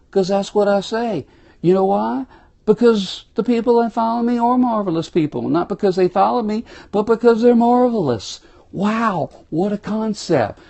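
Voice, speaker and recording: A man's voice: high voice, vocal fry, dark tone. A man from South Louisiana with a Cajun accent, giving a folksy, exuberant motivational talk to viewers on a phone livestream from a small room. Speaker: motivational speaker. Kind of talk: live-streamed motivational talk.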